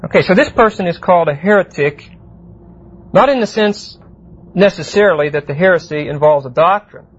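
A man teaching a verse-by-verse Bible class, explaining Greek words deliberately and often asking the class "see?". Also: high-pitched, lively intonation, slightly rough. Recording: muffled lo-fi classroom tape with faint hiss.

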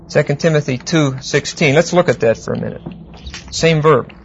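Man, Bible teacher, slightly high voice, patient explanatory lecture, muffled lo-fi recording. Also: vocal fry, a little hiss or hum. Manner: unhurried, explanatory, with frequent fillers and check-ins. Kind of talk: classroom Bible exegesis lecture.

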